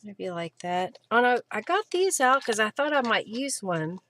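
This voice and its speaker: Bright-voiced chatty woman. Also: on the high side, big pitch swings, moderate pace, a little hiss or hum. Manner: chatty, answers viewer comments while working. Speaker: craft live-stream host. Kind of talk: casual chat while crafting.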